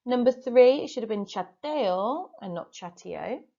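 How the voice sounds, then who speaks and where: A woman Spanish teacher giving a recorded lesson, reading dictation sentences slowly and carefully, then going through corrections. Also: a little high, mellow, muffled recording. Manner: slow, carefully spelled-out dictation.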